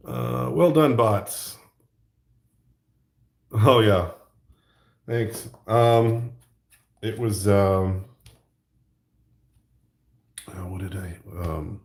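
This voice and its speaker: A man's voice: on the low side, vocal fry, a little mellow. Rambling Southern man on a livestream. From American South. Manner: rambling, chatty, pauses to read chat, laughs often. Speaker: livestream host. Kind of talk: casual livestream chat while drawing.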